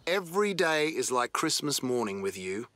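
A man's voice: mid-range voice, sing-song, normal speed, pushed and bright, a little hiss or hum. An actor playing an eager male car-hunting sidekick with an Australian accent, an awed and chatty car enthusiast in video game dialogue. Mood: excited.

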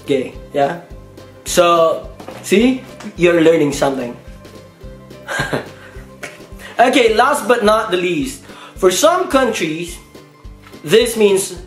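A man from the Philippines hosting a casual explainer vlog, playful and giggly, acting out quick voices. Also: high-pitched. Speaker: vlogger. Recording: echoey room.

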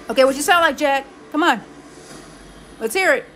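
A woman streamer giving excitable, exclamatory live reaction commentary. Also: high voice, vocal fry.

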